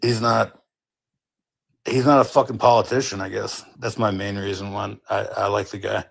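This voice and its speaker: A man's voice: fairly low pitch, flat delivery, moderate pace, creaky. A man being interviewed who answers in a laid-back, fumbling way and swears casually.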